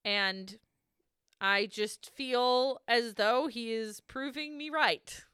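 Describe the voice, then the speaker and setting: A woman's voice: a little high, very slow, fairly bright tone, clean tone, no echo, studio quality. A young woman co-hosting a podcast, chatting casually through a reality show recap, laughing often and swearing freely. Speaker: podcast co-host.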